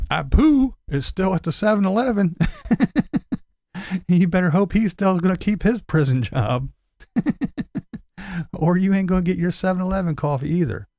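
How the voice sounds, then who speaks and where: A man's voice: on the high side, vocal fry, a little mellow, no echo, clean studio sound. A man hosting a casual commentary vlog, blunt and mocking, cursing freely. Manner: mocking, blunt, swears a lot. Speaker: commentary channel host.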